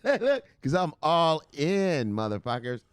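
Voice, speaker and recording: A man's voice: fairly high pitch, big pitch swings, unhurried, smooth, no echo, studio quality, voice pushed up. A man voicing a tough woman investor who demands her cut of the money, brash and sassy.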